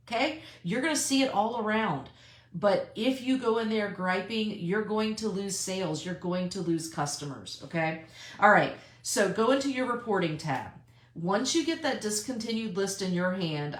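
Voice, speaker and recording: A woman's voice: mid-range voice, echoey room. Emphatic woman talking to her team. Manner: emphatic, repeats key points. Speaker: direct sales team leader. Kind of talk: casual live video to her team. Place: in a car.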